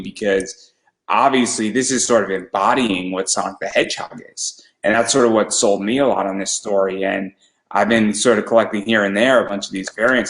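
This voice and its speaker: A man hosting an interview, asking a long, rambling question slowly. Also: lowish voice, a bit bright, reverberant, poor audio. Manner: slow, rambling, sentences chained with "and". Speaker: podcast host.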